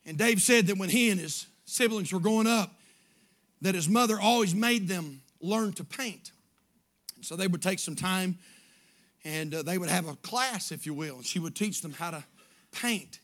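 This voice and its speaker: Male pastor, very high and piercing voice, fervent sermon that swings between shouts and hushed lines. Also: normal speed. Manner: preaches in rising, shouted bursts, then drops low and quiet; acts out prayers and quotes in a pleading voice.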